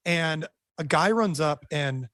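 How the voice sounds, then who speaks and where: A man, a band member, recalling a wild night in a rambling, animated way. His voice is a touch higher than most and sounds close and dry, with no room around it. He stumbles over words and restarts often. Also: takes it slowly, dry recording. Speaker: band member recounting a story. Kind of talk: casual storytelling.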